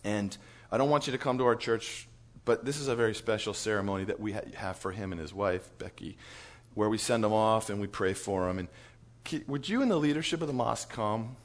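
A man on church staff telling a lively story to church leaders, chuckling as he goes. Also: on the low side, a little fast. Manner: animated storyteller, chuckles through his story.

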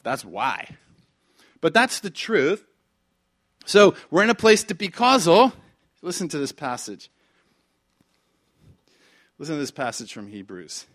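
Animated preacher man with shouted peaks. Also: fairly high pitch. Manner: animated, swings from quiet asides to shouted emphasis; conversational with repeated phrases and rhetorical questions. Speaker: pastor. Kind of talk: sermon.

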